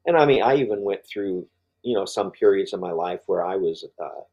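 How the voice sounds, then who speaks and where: An older man with a low, husky voice in a podcast interview, unhurried and rambling, stacking up fillers and starting sentences over. the sound is a bit dull and lo-fi. his tone sits dark and mellow. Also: lively intonation. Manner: rambling, many fillers and restarts. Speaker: guest.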